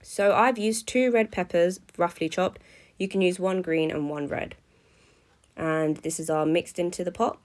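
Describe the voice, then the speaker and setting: A woman's voice: lowish voice, steady tone, a little slow, a little mellow. A young woman, chatting through a cooking vlog in a playful, self-mocking way. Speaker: vlogger.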